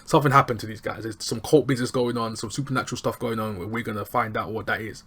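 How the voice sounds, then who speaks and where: A man with casually recapping a TV episode, animated and chatty, acting out lines from scenes. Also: fairly low pitch, racing, breathy edge. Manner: animated, chatty, acts out quotes. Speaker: TV show reviewer.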